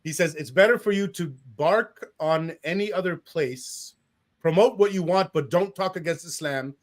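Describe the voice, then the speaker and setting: A man hosting a casual talk show, reading out comments with animated indignation and laughing as he goes. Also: fairly high pitch, moderate pace. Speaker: podcast host.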